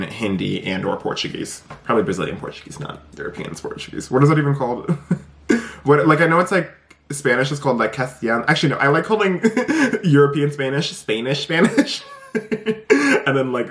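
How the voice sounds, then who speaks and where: A man in his twenties talking casually to the camera in a vlog, saying "like" a lot and laughing between sentences. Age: 20s. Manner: chatty, says "like" a lot, laughs mid-sentence; swings up high and animated for quoted bits. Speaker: vlogger.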